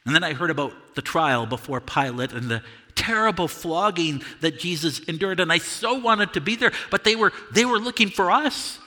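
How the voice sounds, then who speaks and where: A man performing a first-person monologue as the Apostle Peter, earnest and confessional, halting over repeated words. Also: on the high side, animated, bright, forceful tone, big-room sound. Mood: despondent. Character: Apostle Peter, a remorseful fisherman recounting his denial. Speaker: dramatic monologue performer at a church service. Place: church sanctuary.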